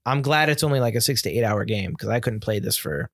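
A man's voice: medium pitch, animated, quick pace, a bit bright, no echo, clean studio sound. An American man co-hosting a casual chat, giving opinionated, rambling takes with many restarts. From United States. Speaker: podcast co-host. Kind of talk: casual chat about video games.

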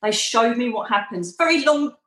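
A woman's voice: a little high, animated, moderate pace, a bit bright. Chatty woman telling a story, roomy sound. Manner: chatty, acts out quoted dialogue. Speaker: interview guest. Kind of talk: personal storytelling in conversation.

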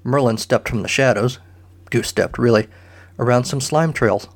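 Man narrating, dry deadpan comic storytelling, mid-pitched voice. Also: normal speed.

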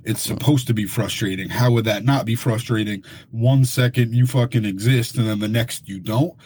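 A man's voice: fairly low pitch, moderate pace, a little mellow, slightly rough, no room sound. A man co-hosting a podcast in casual chat, opinionated and swearing when he gets frustrated. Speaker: podcast co-host.

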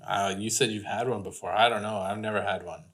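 A man's voice: lowish voice, steady tone, brisk, fairly bright tone, slightly rough. A man co-hosting a podcast in casual chat, joking and teasing and laughing a lot. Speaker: podcast co-host.

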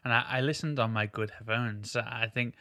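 A man's voice: medium pitch, normal speed, bright, forceful tone, no room sound, clean studio sound. A man hosting a podcast, chatting casually and enthusiastically, rambling with lots of filler words. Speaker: podcast host. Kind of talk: casual chat.

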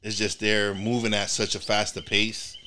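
A man's voice: fairly low pitch, little pitch movement, moderate pace, bright, forceful tone, a little hiss or hum. A man from New York hosting a podcast in casual chat, rambling with many restarts and repeated words. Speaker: podcast host.

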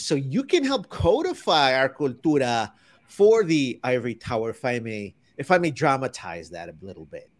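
A man hosting a conversational interview, enthusiastic, mixing Spanish words into his English. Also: on the high side. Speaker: host.

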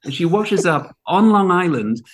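A middle-aged man telling anecdotes in a casual interview, animated, with loud outbursts and swearing. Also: high voice, normal speed. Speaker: guest. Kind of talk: casual storytelling.

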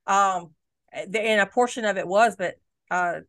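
A woman's voice: mid-range voice, unhurried, fairly bright tone, no echo. Middle-aged woman host, outspoken and earthy, dry close recording. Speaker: interview host. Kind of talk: candid conversational chat.

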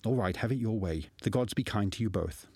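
A man's voice: on the low side, a little fast, darkish tone, slightly rough, dry recording, clean studio sound. A man voicing a shy, earnest young apprentice bard who hesitates and stammers.

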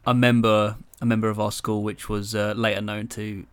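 A man's voice: fairly low pitch, level tone, moderate pace, smooth. A man, co-hosting a casual podcast chat, joking and swearing freely. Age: 20s. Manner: swears freely, jokey banter. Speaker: podcast co-host.

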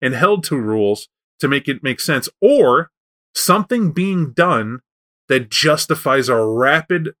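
A man hosts a casual chat about tabletop role-playing games, telling stories in a rambling, animated way with frequent restarts. He speaks unhurriedly at a medium pitch.

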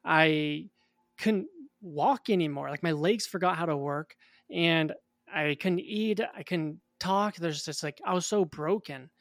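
A young man in his twenties, a guest in an interview, telling a personal story in a casual, animated way. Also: on the high side, a little slow, dry recording.

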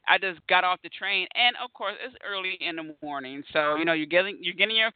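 Animated man on a tinny line. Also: high voice, brisk, clear, resonant tone, dry recording. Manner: animated storyteller, acts out his own reactions. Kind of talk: casual conversation.

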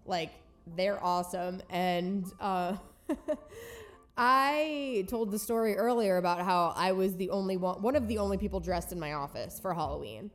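A woman's voice: medium pitch, faint music behind. Chatty young woman telling a story. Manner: animated, laughing, quick impressions in dialogue. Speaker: podcast co-host. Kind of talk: casual storytelling chat. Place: New York.

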